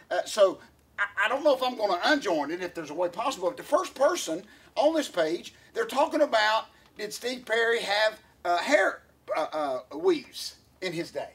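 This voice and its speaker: With a high, slightly bright voice that has a breathy edge, a man co-hosts a laid-back podcast. His talk meanders, packed with fillers and restarts, and he laughs a lot.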